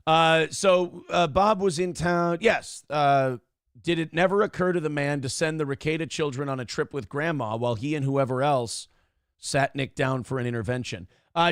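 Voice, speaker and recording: Man, morning show host, casual profane storytelling, slightly high voice, dry close sound. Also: no room sound. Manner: profane, rambling, acts out quotes in other voices.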